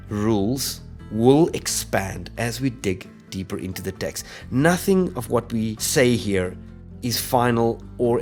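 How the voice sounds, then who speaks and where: A man with a lowish voice gives a patient, explanatory language lesson. He slows down to repeat example words clearly. Soft music plays faintly underneath. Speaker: Hebrew teacher.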